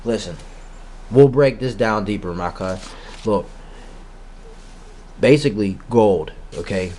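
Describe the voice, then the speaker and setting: A man's voice: lowish voice, slow pace, mellow, a little hiss or hum. A man giving a rambling metaphysical monologue, full of rhetorical questions and casual street slang. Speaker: spiritual vlogger.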